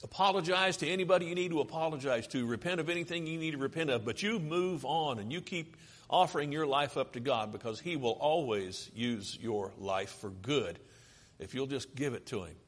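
A man's voice: fairly high pitch, fairly quick. A man preaching a sermon, earnest and pleading, asking his listeners rhetorical questions.

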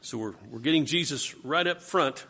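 A man's voice: a little high, moderate pace, sharp tone, slightly rough. A man leading a Bible study class, questioning his students and coaching them through the text.

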